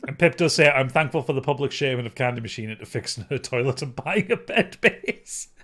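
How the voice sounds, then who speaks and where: A man's voice: mid-range voice, fast talker, crowd noise. A man co-hosting a live podcast, reading chat comments aloud and laughing often. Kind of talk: casual live-stream chat.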